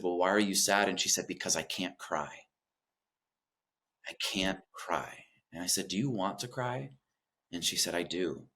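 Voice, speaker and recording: A man speaking as a guest in an interview about his work as a death doula, talking earnestly and gently, often pausing with fillers. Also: fairly low pitch. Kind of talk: reflective interview talk.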